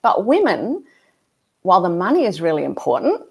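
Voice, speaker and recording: Woman, author guest on a video call, animated and outspoken, lowish voice. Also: normal speed, slightly rough. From Australia. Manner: emphatic, animated, frank. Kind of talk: conversational interview.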